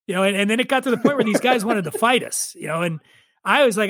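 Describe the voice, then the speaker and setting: High-voiced man telling a rambling tale. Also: quick pace, fairly bright tone, no room sound. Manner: rambling, profane, wry asides. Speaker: guest. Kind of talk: casual storytelling chat.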